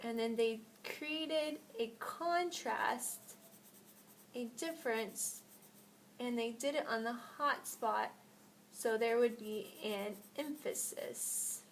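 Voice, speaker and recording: Woman art teacher, kinda high voice, talks slow and walks through it step by step. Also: a little hiss or hum. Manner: explains step by step while demonstrating on paper. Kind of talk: classroom art lesson.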